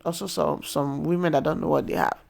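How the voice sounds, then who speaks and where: Excitable Nigerian woman retelling a movie. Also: deep voice, brisk, gravelly. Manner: excitable, exclaims often, mixes in pidgin. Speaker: movie recap vlogger. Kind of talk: casual storytelling recap.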